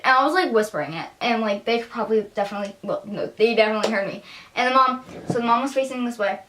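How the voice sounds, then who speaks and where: A woman's voice: fairly high pitch, quick pace, a bit bright. A teenage girl telling a story to camera in a chatty vlog, filling her talk with "like" and acting out what people said. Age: teens. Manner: chatty, lots of "like", acts out quotes. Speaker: vlogger. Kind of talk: casual storytime.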